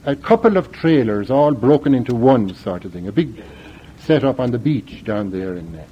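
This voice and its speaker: A man's voice: medium pitch, animated, normal speed, breathy edge. An older Irish man, a priest, telling a personal story in a dramatic, emphatic way, heard in a dull lo-fi recording.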